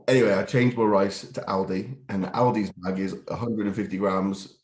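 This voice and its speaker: Man, podcast co-host, laughing, sweary storyteller, somewhat low pitch, roomy echo. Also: steady tone, moderate pace, a little mellow. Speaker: podcast co-host and bodybuilding competitor. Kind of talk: casual podcast chat.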